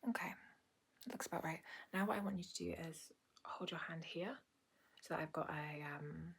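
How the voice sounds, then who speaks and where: A woman in a whispered role-play as a doctor giving a gentle checkup, speaking softly and unhurriedly with hesitant pauses. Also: low voice, creaky, breathy edge. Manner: soft-spoken and unhurried, with frequent hesitant "um"s. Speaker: ASMR creator playing a doctor. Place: small indoor home filming room.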